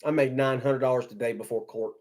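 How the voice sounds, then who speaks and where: This live-stream host has a mid-range, steady, somewhat dark voice and speaks a bit quickly. His rant is angry and full of swearing, with frequent repeats and restarts.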